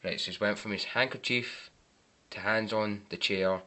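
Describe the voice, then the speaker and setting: Sarcastic man with a bright voice. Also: on the low side, fairly even intonation, normal speed. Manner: wry, sarcastic asides. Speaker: movie mistake reviewer. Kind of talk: casual commentary over film clips.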